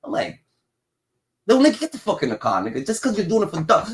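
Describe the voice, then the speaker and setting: A man's voice: high-pitched, huge pitch swings, fast, pauses often. A man hosting a livestream, chatting casually and acting out voices in comic stories, swearing freely. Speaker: livestream host. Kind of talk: casual chat with comic storytelling.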